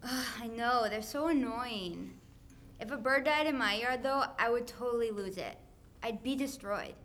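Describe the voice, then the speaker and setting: A woman's voice: a little high, moderate pace, fairly bright tone, close to an everyday voice. A woman playing a bubbly teenage girl friend who gushes with lots of fillers. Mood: gushing. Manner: gushing, valley-girl fillers.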